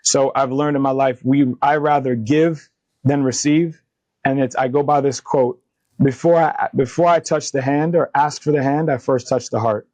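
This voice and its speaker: A man's voice: medium pitch, moderate pace, dry recording. A man in his thirties, a company founder and podcast guest, telling candid stories about his faith and leadership, acting out the dialogue with energy. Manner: earnest, animated retelling of dialogue, faith-driven. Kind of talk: candid interview storytelling.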